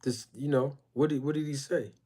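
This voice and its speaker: A man hosting a casual boxing live stream, rambling and emphatic as he shouts out chat viewers by name. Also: mid-range voice, steady tone, moderate pace, husky. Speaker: boxing YouTube channel host.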